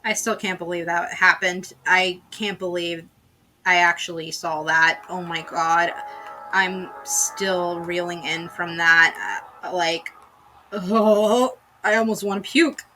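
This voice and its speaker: A woman's voice: fairly low pitch, steady tone, a little slow, bright, forceful tone. A woman chatting casually on a stream while drawing, swearing and rambling through asides. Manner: shrieks when shocked. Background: faint music.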